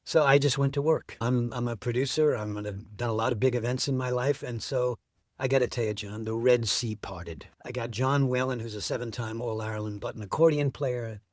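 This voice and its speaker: A middle-aged man tells his story as an interview guest, carried along by eager enthusiasm. His voice sits at an average pitch for a man. The sound is dry and close, with no room echo. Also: brisk, a little mellow.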